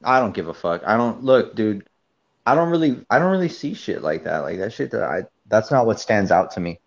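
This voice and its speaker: A man's voice: fairly low pitch, big pitch swings, fairly quick, creaky, dull audio. A man ranting casually on a livestream, telling a long story in a heated, profane and rambling way.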